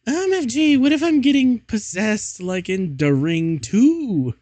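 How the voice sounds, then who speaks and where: A man voicing a melodramatic teenage goth girl, shouting in a shrill, overwrought way. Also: very animated, unhurried, dry recording, heavily acted. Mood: hysterical.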